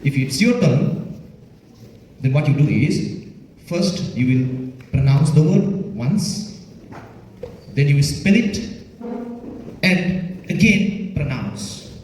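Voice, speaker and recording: Man as the quizmaster, patient and repetitive, lively up-and-down delivery, mellow tone, caught from far off in an echoey hall with faint noise. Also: fairly high pitch, slow pace, pauses often. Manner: patient, repetitive, checks understanding with frequent "okay?". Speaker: spelling bee pronouncer and quizmaster. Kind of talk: explaining contest rules to pupils. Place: large echoey school hall.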